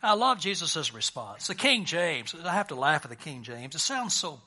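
Man preaching a sermon, high bright voice, chatty and joking, restarts often. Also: big pitch swings, moderate pace, husky. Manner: conversational and lightly joking, with frequent restarts. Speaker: pastor.

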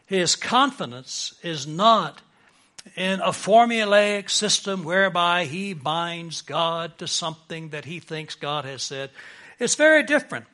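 Middle-aged guy preaching, high bright voice, gets louder when he hits a point. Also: expressive, measured pace. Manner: earnest preaching, builds emphasis and swells louder on key points. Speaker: pastor. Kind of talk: sermon.

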